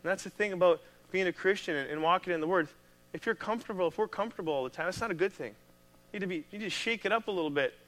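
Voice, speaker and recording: A man with a Midwestern American accent, a pastor preaching a sermon in a conversational, animated way. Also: sits high, rapid-fire.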